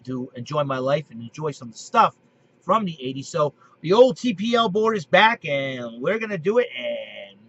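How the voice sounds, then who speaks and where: A man's voice: mid-range voice, bright, forceful tone. Rambling man with a dull lo-fi recording. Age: 30s. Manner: rambling, restarts often, clears throat. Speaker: video host. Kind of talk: casual monologue to camera. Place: basement. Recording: dull lo-fi home recording with faint noise.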